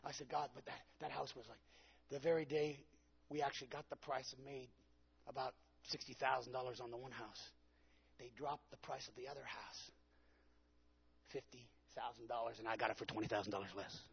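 A man's voice: mid-range voice, fairly even intonation, fairly quick, creaky, breathy edge, lo-fi sound. A man preaching a sermon, telling a personal story with dramatic delivery and acted-out quotes. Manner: dramatic storytelling, acting out his own quotes.

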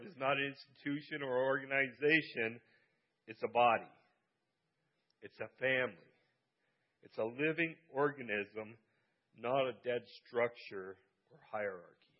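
A man's voice: medium pitch, lo-fi sound. A man preaching a Sunday sermon as pastor, speaking earnestly and repeating key phrases for emphasis. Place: church service.

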